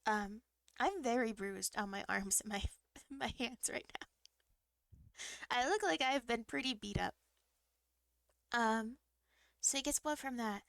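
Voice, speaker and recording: A young woman streamer telling a long story in a rambling, halting way, often restarting her sentences. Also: a little high, gravelly, a bit bright, no echo. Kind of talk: casual storytelling to a live stream.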